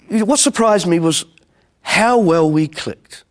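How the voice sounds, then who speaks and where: Lively New Zealand man telling stories. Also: on the high side, measured pace. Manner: animated, slips into joke voices. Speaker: comedian recalling his career. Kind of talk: storytelling with acted jokes.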